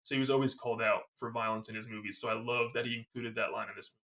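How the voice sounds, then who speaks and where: A man co-hosting a casual movie podcast, excitable and loose with his swearing. His voice sits mid-height with a bright, forward edge. He rambles through scenes, dropping "like" and "you know" constantly. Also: mid-range voice, racing. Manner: enthusiastic, profane, retells scenes with lots of "like". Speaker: podcast co-host. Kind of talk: casual film discussion chat.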